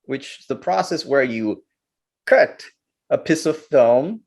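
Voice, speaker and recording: A man tells stories as a guest in an interview, with a voice that climbs and dips a lot. He talks in an animated way and stumbles over repeated words. His pitch sits in a middle range. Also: slow pace, breathy edge. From Brazil. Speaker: guest filmmaker. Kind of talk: storytelling interview.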